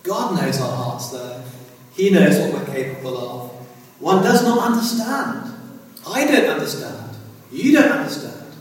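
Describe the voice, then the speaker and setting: A man's voice: a little high, sing-song, measured pace. A man preaching a sermon in a church, earnestly appealing to his listeners with repeated tag questions. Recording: echoey hall from far off.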